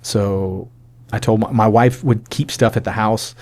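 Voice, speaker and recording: A man in his forties, an army sergeant major, telling a personal testimony in a casual, animated way, acting out the dialogue and talking with lots of fillers. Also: on the low side, a little slow. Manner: animated, acts out quoted dialogue; casual, many fillers like "like" and "you know".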